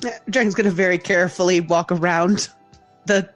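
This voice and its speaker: Woman calmly declaring her game moves. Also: on the low side, moderate pace, soft background music. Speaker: player. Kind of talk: casual tabletop play.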